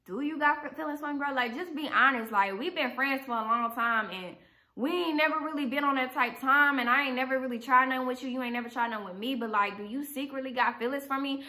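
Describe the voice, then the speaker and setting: A woman's voice: high voice, quick pace, bright, forceful tone. A woman voicing a defensive, suspicious young man who accuses his friend in muttered slang. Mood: questioning.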